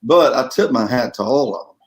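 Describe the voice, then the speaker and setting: A man's voice: mid-range voice, animated, fairly quick, breathy edge, low-quality recording. A man with a Louisiana Southern accent, a singer and guest talking earnestly in a casual interview and often repeating himself.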